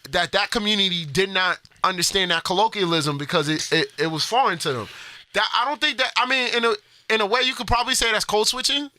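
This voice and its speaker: High, bright young man pushing back. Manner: laughing, pushes back, measured points. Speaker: podcast co-host. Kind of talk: casual debate chat.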